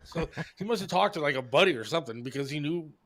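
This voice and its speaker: A man's voice: a little high, animated, fast, fairly bright tone, no echo. A male radio host telling a loose, profane, laughing anecdote in casual chat.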